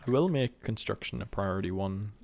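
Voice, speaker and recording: A man's voice: lowish voice, fairly quick, creaky, darkish tone, a little hiss or hum. A British man chatting casually with his live-stream viewers while playing a game, rambling and joking and humming to himself between remarks. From Britain.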